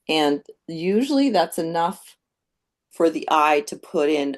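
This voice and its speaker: A woman giving a live painting demonstration, calmly explaining each step as she thinks aloud. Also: low-pitched, slow pace. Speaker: painting instructor.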